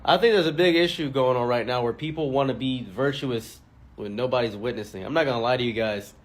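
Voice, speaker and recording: A commentary YouTuber telling a comic story, animated and joking, acting out every character he mentions. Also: mid-range voice, fairly quick. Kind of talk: comedic storytelling.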